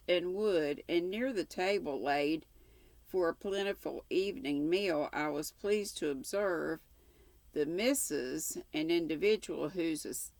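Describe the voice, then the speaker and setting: An older woman reading a classic novel aloud, unhurried, with casual asides now and then. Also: low voice, vocal fry, dry recording. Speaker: audiobook reader.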